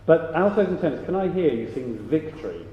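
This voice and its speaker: Choir director giving notes, counts them in, big echoey hall, kinda muffled. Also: male voice, fairly high pitch, big pitch swings. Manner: brisk, counts in and sings example phrases. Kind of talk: choir rehearsal instruction. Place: large rehearsal hall. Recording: echoey hall, dull lo-fi sound.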